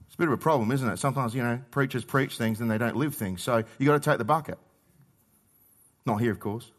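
A middle-aged Australian man preaching a sermon in a conversational way, swinging between loud emphasis and quiet asides. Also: medium pitch, fast talker. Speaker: pastor.

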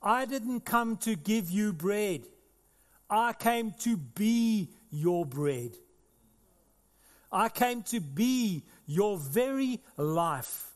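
A man voicing a solemn male religious teacher, declaring slowly and emphatically. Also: high voice, expressive, big-room sound, voice pushed up, heavily acted. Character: adult male preacher figure declaring divinity, solemn.

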